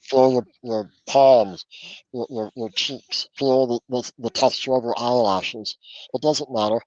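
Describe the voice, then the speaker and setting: An earnest man coaching on a podcast, his voice at a middle pitch. He guides the listener step by step and often repeats a word before going on. The audio is dry and slightly dull, as over a remote call. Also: fairly even intonation, unhurried, a little mellow, dry recording. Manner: earnest, instructive, repeats words when restarting. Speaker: transformational coach, guest. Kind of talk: podcast interview, coaching advice. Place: home office.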